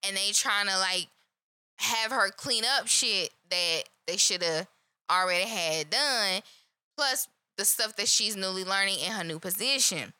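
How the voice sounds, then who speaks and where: A woman co-hosting a casual live chat, animated and profane, laughing loudly. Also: medium pitch, unhurried, clean tone, no room sound. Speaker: co-host. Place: live online stream.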